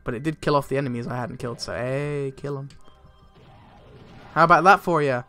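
A young man giving casual, excitable gameplay commentary, swearing a lot and laughing often. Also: mid-range voice, fairly quick. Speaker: let's play gamer. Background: faint game music.

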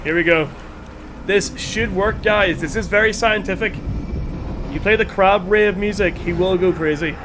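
A man with a Northern Irish accent, commentating live on his gameplay in an excitable, chatty way, calling out to his viewers. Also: high-pitched, moderate pace, noisy background. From Northern Ireland. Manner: excitable, chatty, calls viewers lads and chat. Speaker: game streamer. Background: music.

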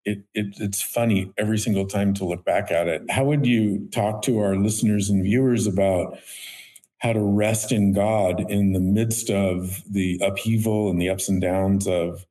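A male co-host with a lowish voice talks reflectively and at a measured pace. He builds up to his question in a casual interview setting. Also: steady tone, dark tone. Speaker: podcast co-host.

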